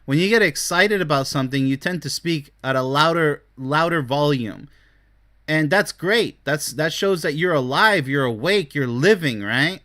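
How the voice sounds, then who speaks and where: Excitable blunt male relationship host. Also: fairly high pitch, normal speed. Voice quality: bright, lively voice. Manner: excitable, blunt, swings between loud bursts and mocking mumbles. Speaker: relationship expert and show host. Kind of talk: animated solo commentary.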